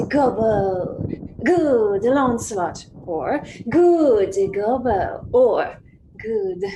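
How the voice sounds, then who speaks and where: A woman playing a lively young male clown servant. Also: high-pitched, slight background noise, exaggerated voice. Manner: comic, bouncy, playing all the inner voices. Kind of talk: Shakespeare stage acting over video call. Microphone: video call.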